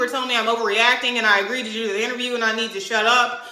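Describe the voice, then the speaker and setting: A young woman rants straight to camera, angry and swearing freely as she pushes each point hard. Her voice sits a little high and comes through bright and forceful. The room around her sounds echoey. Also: fairly even intonation, fast. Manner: heated, profane, emphatic. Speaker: vlogger. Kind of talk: angry venting rant to camera.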